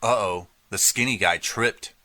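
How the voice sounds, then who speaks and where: A man's voice: fairly low pitch, a little slow, pushed and bright, no echo. A man voicing a drunk, sneering teenage boy bully in an audiobook, sarcastic and menacing.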